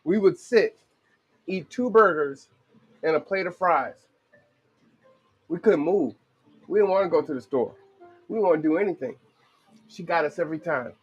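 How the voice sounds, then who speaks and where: Guy cooking in his kitchen, slightly high voice, laid back and chatty, lots of slang. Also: moderate pace, pauses often, slightly rough, lo-fi sound. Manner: relaxed, chatty storytelling with slang. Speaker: home cooking show host. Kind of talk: casual cooking vlog with stories. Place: home kitchen, indoors.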